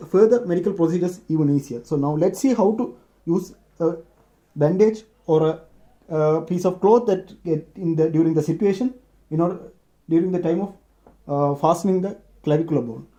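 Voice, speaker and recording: Halting man explaining a bandage. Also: a little high, mellow. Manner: halting, restarts sentences often. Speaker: medical student demonstrating first aid. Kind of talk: unscripted explanation.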